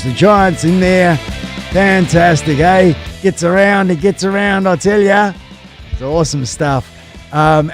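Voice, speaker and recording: Aussie guy rambling on his livestream, fairly high voice, faint guitar in the background. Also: darkish tone. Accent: Australian. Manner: chatty, rambling, lots of fillers. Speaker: live stream host. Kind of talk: casual live stream chat.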